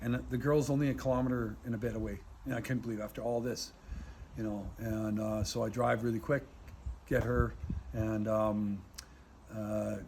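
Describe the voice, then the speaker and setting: A man tells an interview story with lots of fillers, animated swings and some swearing, speaking outdoors. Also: lowish voice, moderate pace, a little hiss or hum. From Canada. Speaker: aid worker telling a war story. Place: outdoors in a war zone.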